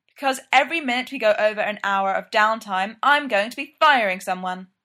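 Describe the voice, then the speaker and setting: A woman's voice: medium pitch, brisk, bright, forceful tone, close to an everyday voice. A woman reading a curt young tech boss. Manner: clipped and blunt. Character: terse, commanding young male tech founder.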